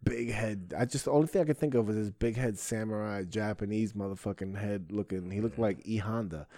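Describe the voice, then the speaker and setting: A young man, a comedian and podcast host, telling a profane, animated story in casual chat. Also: fairly low pitch, brisk, no echo, studio quality. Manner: profane, animated storytelling with frequent "bro" and "right?".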